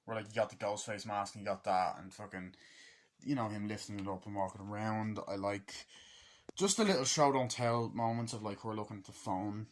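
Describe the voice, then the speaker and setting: Low-voiced man rambling about a movie. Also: a little fast. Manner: loose and rambling, swears freely, acts out lines. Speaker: movie reviewer. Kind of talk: casual rambling movie review.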